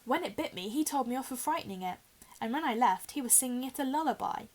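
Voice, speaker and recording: A woman's voice: high-pitched, animated, quick pace, voice pushed up. A woman voicing an indignant young boy wizard grumbling about a bitten hand.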